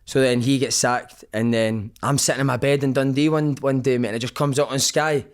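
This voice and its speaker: A man's voice: medium pitch, steady tone, fairly quick. A man, a former footballer, telling laddish anecdotes as a podcast guest, swearing freely and calling everyone mate. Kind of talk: casual storytelling chat.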